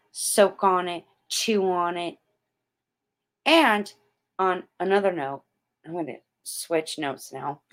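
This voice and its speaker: A middle-aged woman hosting a motivational vlog, speaking emphatically and repeating her points like a pep talk. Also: on the low side. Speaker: motivational host.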